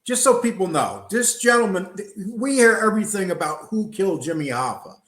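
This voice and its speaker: A man's voice: sits high, sing-song, fairly quick, a bit bright, reverberant. A man hosting an interview, stating his view bluntly and emphatically. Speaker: interview host. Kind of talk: casual interview talk.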